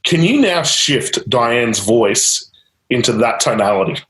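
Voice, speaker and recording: Here a man working as a change-technique coach guides a client step by step in a live session, repeating prompts and laughing briefly at times. He sounds animated and a bit bright in a mid-range voice, with roomy echo around him.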